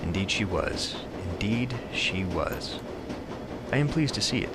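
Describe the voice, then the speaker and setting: A suave, ancient dragon in human guise lectures in lofty, unhurried phrases, as a man reads him. The voice sits fairly low, and steady background noise runs underneath. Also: creaky, exaggerated voice. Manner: slow, lofty, philosophical speech.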